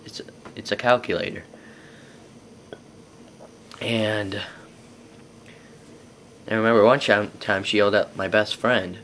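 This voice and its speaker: A man's voice: on the low side, steady tone, slow, pauses often, a bit bright, slight background noise. A young man telling personal stories to camera in a rambling, casual way. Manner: rambling, lots of fillers and restarts. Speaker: vlogger.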